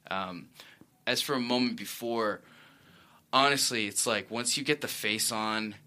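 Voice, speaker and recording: A man's voice: medium pitch, a little slow, sharp tone. A man, an actor guest, telling stories in a rambling, self-correcting way on a casual talk show. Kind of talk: casual interview chat.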